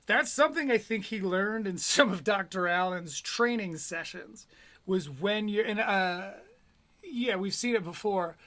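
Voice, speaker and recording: A man's voice: high-pitched, sharp tone. A man giving sarcastic, profane running commentary over clips as a streamer.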